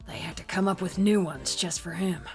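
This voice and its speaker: Woman doing a proud gruff male agent. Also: on the low side, moderate pace, over music, pitched below the performer's own voice.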